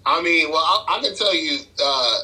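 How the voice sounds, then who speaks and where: A man's voice: fairly high pitch, lively intonation, moderate pace, pushed and bright, low-quality recording. A man, telling a dating story in casual chat, loose and rambling, laughing often. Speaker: podcast guest, dating coach.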